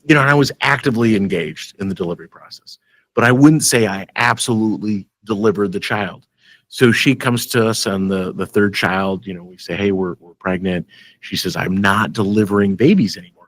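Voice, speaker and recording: A man from Michigan hosting a casual school podcast, telling animated stories and laughing often. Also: low voice, dry recording. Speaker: school superintendent and podcast host.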